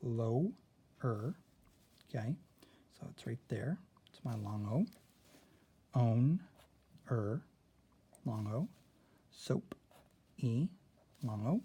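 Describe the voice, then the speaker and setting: A man's voice: medium pitch, expressive, extremely slow, long pauses, warm tone, breathy edge. A man teaching a spelling lesson, walking through a word sort and checking in often with "okay.".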